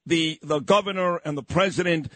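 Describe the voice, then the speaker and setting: A man hosting a talk radio show, brash, fast and emphatic. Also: fairly high pitch, a bit bright, dry recording. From New York. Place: radio studio.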